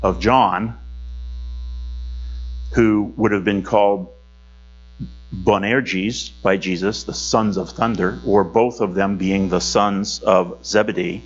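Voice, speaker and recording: A man's voice: deep voice, dull audio. A man teaching a Bible study lesson in a conversational way, with fillers and self-corrections.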